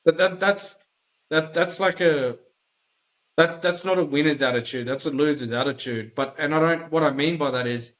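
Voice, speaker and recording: A man's voice: on the high side, moderate pace, a bit bright, poor audio. An Australian man hosting a podcast in casual chat, talking bluntly and emphatically with lots of swearing. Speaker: podcast host.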